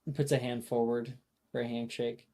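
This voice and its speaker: The game master narrating a tabletop game over a video call, with lots of pauses and fillers. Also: medium pitch, little pitch movement, dark tone. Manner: unhurried, filler-heavy narration.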